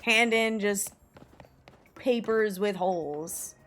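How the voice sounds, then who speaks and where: A woman's voice: mid-range voice, slow pace, a bit bright, soft background music. A young woman streaming a game, chatting casually with her viewers, telling stories with lots of giggles and reading chat aloud.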